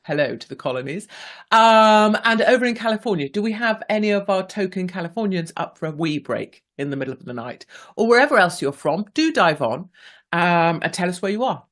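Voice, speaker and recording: A woman's voice: lowish voice, expressive, a little fast. A woman, hosting a radio talk show in a chatty, playful way and reading listener messages aloud. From England. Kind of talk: casual talk radio monologue.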